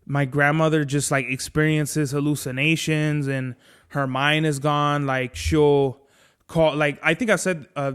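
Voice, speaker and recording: A young man chats on his podcast in a loose, rambling way, swearing freely and restarting his sentences often. His voice sits a touch high for a man. He grows heated and animated as he vents. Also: clean tone. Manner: candid, profane, rambling with restarts; gets heated and animated when venting. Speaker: podcast host. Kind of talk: casual chat.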